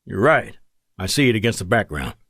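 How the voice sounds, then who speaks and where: A man's voice: lowish voice, sing-song, a little fast, fairly bright tone, husky, no room sound, clean studio sound, full character voice. A man voicing an experienced male fighter pilot with a Texan accent, who talks in a wry, teasing, reassuring way. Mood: steady.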